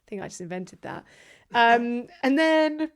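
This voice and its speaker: A woman hosting a podcast, chatting casually, jokey and quick to swear. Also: fairly high pitch, expressive, clear, resonant tone. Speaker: podcast host, editor. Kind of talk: casual chat.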